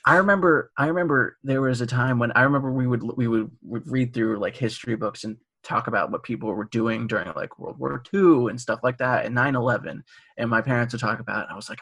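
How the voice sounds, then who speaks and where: A man's voice: medium pitch, a little fast, a bit bright, husky. A young man co-hosting a college radio podcast, chatting casually and laughing easily while telling stories. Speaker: podcast co-host. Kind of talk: casual chat.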